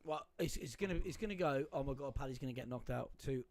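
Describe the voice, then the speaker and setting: A man's voice: medium pitch, fast talker, darkish tone. A Cornish man co-hosting a podcast, chatting casually and joking around while watching a live event. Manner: laid-back, jokey, laughs easily. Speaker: podcast co-host.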